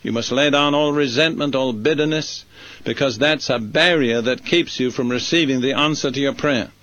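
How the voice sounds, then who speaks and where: A male preacher delivering a sermon and leading a prayer, speaking slowly and deliberately, phrase by phrase. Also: medium pitch, a bit bright, no echo. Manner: slow, measured, deliberate phrasing.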